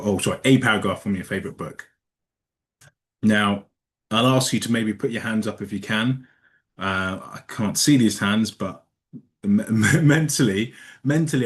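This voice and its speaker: A man from Nigeria giving a talk at a conference, speaking conversationally, often restarting words and putting questions to the audience. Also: medium pitch. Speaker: conference speaker teaching communication. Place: conference room.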